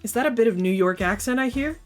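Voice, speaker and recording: A woman voicing a poised, friendly female fire performer, talking gently and chattily while doing her makeup. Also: on the high side, expressive, fast, soft background music, natural voice.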